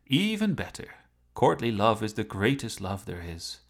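A man's voice: fairly low pitch, big pitch swings, normal speed, gravelly, heavily acted. A man voicing a haughty, witty male talking sports car with a dry, lecturing manner. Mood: wry.

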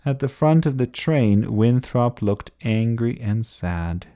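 A man reading a children's bedtime story aloud in an expressive storybook style. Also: medium pitch, slow.

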